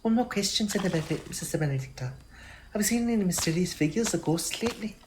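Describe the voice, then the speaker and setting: A curious, polite young woman, as a woman reads her, in a slightly low, plain voice. She asks questions gently. A faint hiss sits behind the voice. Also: expressive, fast, lightly acted. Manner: polite, inquisitive.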